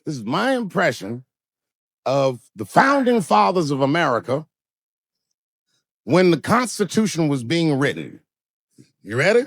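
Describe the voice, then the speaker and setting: A stand-up comedian telling profane stories on stage, his voice leaping from low mutters to high, loud bursts. The sound is dry and close, and his voice sits a bit high for a man. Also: big pitch swings, unhurried, pauses often, dry recording, low-quality recording. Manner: profane storytelling with wide swings in pitch and loudness.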